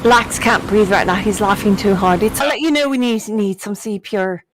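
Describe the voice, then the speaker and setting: A woman chatting excitedly while joining a flight-sim multiplayer session, gushing and theatrical, loud and playful. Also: mid-range voice, brisk, noisy background. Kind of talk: excitable gaming chat.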